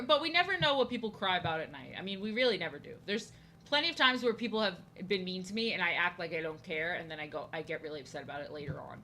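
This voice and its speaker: Young woman streamer, bright clear voice, rambling casual chat, faint background hiss. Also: lowish voice. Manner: rambling, chatty, reacting to chat. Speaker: art streamer. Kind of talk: casual chat while drawing.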